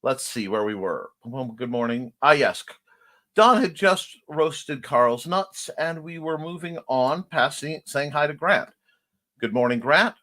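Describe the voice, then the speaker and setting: A man's voice: fairly high pitch, measured pace, sharp tone. A man hosting a casual morning livestream, chatting playfully and reading viewers' comments aloud. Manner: chatty, playful, reads chat messages aloud. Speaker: host.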